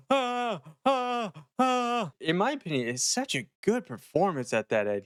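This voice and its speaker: A man hosting a horror review show, recapping an episode in a casual, animated and swearing way. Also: mid-range voice, no room sound, studio quality. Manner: animated, profane storytelling. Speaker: horror series reviewer and host.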